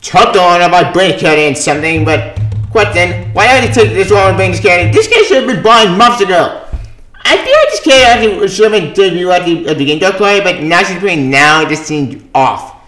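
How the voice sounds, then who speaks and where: A man with a somewhat high voice talks his way through a comic book review in a loose, rambling manner. He sounds exasperated and swears freely. The room around him has a noticeable echo. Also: expressive, a little fast, a bit bright, faint music behind. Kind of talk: casual spoken review.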